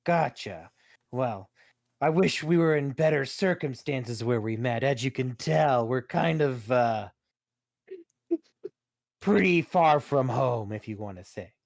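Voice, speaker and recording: A man voicing a gnome newcomer in a tabletop game, using a put-on gravelly voice with a Midwestern accent and an apologetic, hesitant way of talking. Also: mid-range voice, animated, takes it slowly, dry recording, clean studio sound. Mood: wary. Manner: hesitant, apologetic, stumbling over words. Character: gnome newcomer from a grim penal world.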